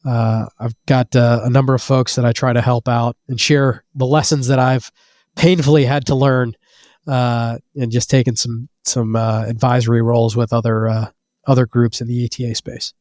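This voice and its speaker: A man's voice: medium pitch, level tone, darkish tone, dry recording, clean studio sound. Man with a nasal cold voice. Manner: halting, repeats words, many fillers. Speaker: guest, business owner. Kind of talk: casual interview answers.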